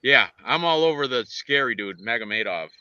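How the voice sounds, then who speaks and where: A man co-hosting a casual fight-picks show, rambling and excitable with lots of restarts. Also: mid-range voice, moderate pace, clean tone, highs cut off. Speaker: podcast co-host and fight picker.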